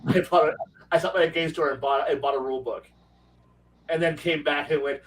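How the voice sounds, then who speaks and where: A man with a somewhat high voice tells a rambling story in casual chat, acting out the quotes and laughing as he goes. He swears freely, and he sits a little back from the microphone. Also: fairly even intonation, brisk, recorded from a distance, slight background noise. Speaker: game master.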